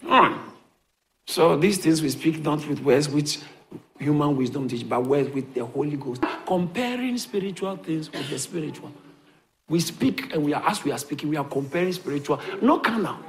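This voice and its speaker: A man preaching a sermon as a pastor, animated and repetitive, chuckling between points. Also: on the high side, moderate pace, slight background noise.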